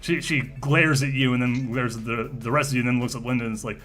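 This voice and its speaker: A man running a tabletop role-playing game, narrating in a halting way full of fillers and restarts. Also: mid-range voice, fairly even intonation, fairly bright tone, faint music behind. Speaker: game master.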